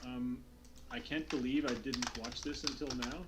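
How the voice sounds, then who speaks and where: A man's voice: medium pitch, flat delivery, moderate pace. A man hosting a streamed tabletop game, chatting loosely with many fillers and restarts before the recap. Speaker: game master. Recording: noisy online call with keyboard clicks.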